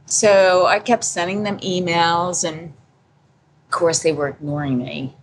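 A woman's voice: on the low side, steady tone, unhurried, slight background noise, low-quality recording. A woman in her fifties, a podcast guest telling her story in a candid, casual way, often laughing and acting out what people said. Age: 50s. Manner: candid, laughing, acts out dialogue.

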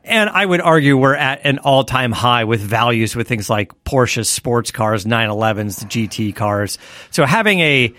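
A man's voice: mid-range voice, expressive, normal speed, bright, forceful tone, dry recording, studio quality. A man co-hosting a podcast, chatting casually about cars and laughing often. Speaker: podcast co-host. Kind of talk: casual chat.

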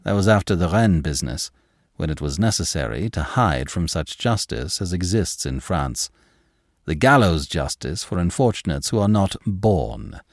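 A man voicing a passionate young gentleman who speaks with formal gallantry and heated conviction. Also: low-pitched, expressive, normal speed, no echo, clean studio sound, voice pushed down. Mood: impassioned.

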